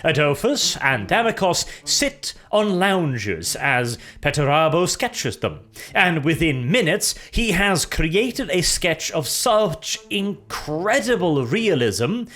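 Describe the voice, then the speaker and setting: Lively man telling a story. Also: on the high side, takes it slowly. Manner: animated, jokey asides, laughs while telling. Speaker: lore storyteller. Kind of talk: casual storytelling narration.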